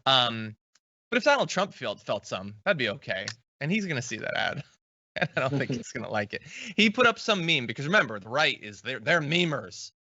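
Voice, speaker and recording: A man's voice: medium pitch, big pitch swings, fairly quick, pushed and bright, no room sound. A man hosting a political commentary show, talking in a casual, wry way. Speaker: host. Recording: dry, dull lo-fi sound.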